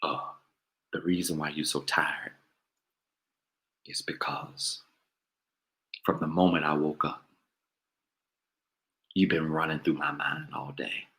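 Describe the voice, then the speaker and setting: A man preaching who puts on a smooth-talking ladies' man, murmuring pickup lines in a deep, breathy voice. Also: little pitch movement, slow, pauses often, a bit bright, full character voice. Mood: seductive.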